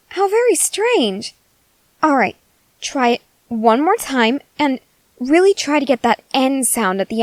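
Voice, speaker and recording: A woman voicing an eccentric, excitable female scientist in an ASMR role-play, coaxing and gushing in a cheerfully unsettling way. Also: high voice, dry recording, poor audio. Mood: patient.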